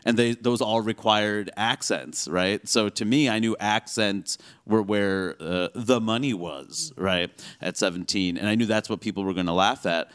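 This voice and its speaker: A man in his forties from the United States, a comedian talking as an interview guest, quick and wry with lots of filler words. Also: fairly low pitch, smooth. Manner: talks fast with many fillers, animated and wry. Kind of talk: conversational interview.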